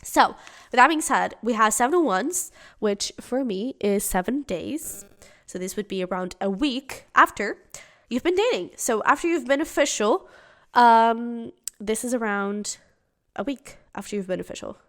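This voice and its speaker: A woman's voice: fairly high pitch, expressive, moderate pace. A woman giving a casual tarot reading to camera, chatty and giggly, with many fillers and restarts. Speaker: tarot reader.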